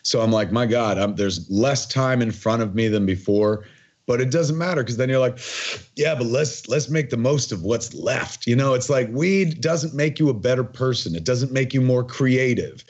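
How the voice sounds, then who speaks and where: A man's voice: medium pitch, animated, normal speed, darkish tone, highs cut off. A man in his forties, a podcast guest talking casually in an emphatic, rambling way with plenty of swearing. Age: 40s. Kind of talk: casual conversational interview.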